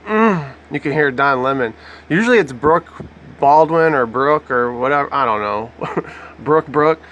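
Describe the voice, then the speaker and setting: A man's voice: mid-range voice, expressive, a little slow, a bit bright, highs cut off, a little hiss or hum. A man giving sarcastic, profane commentary over a news clip. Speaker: online commentator.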